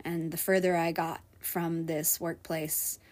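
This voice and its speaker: A woman and restaurant server, candidly telling a personal story in a vlog, swinging between loud frustration and hushed, quiet moments. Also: low voice, flat delivery, slow.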